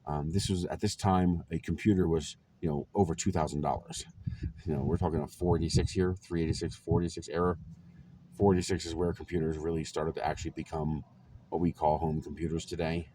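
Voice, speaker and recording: A vlogger in his forties tells personal stories to the camera in a relaxed, rambling way. His very low voice moves fairly quickly, loose and full of ums and little chuckles, with a faint hiss of noise in the background.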